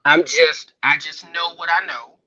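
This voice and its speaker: A man's voice: a little high, steady tone, a little slow, pushed and bright. A man chatting casually as a guest, rambling and repeating himself, heard through a headset mic. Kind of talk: casual podcast chat. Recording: muffled headset audio.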